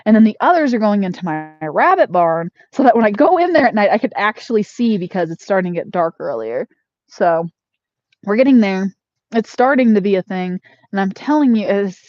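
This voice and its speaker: A chatty woman telling animal stories in casual vlog style, heavy on fillers. Her voice sits at a middle pitch. The sound is dry and a little dull, like a lo-fi recording. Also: darkish tone, no room sound. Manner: chatty storyteller with many fillers. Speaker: homesteader vlogger. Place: inside a barn.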